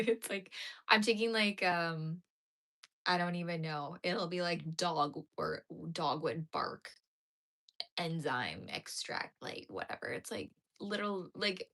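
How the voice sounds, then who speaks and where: A woman's voice: on the low side, slow pace, a bit bright. A woman chats loosely with her viewers from home. She sounds worn out and yawns often. Her talk wanders with plenty of fillers and restarts. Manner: tired, rambling, yawning, many fillers. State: tired and yawning. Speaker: crochet streamer. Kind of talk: casual live-stream chat. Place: home, talking to a live chat.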